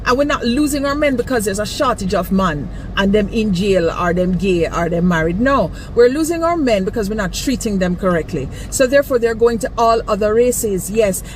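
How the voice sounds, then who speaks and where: A woman's voice: fairly high pitch, slight background noise, poor audio. A woman with a Jamaican accent giving an emphatic, lecturing rant, repeating her warnings. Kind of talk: outdoor video rant.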